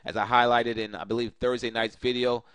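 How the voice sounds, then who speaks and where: A man's voice: mid-range voice, little pitch movement, brisk, a bit bright, clear, resonant tone, no room sound. A man casually walking viewers through stock charts, talking loosely with many fillers and asides to "you guys". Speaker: stock market analyst. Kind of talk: casual screen-share chart review.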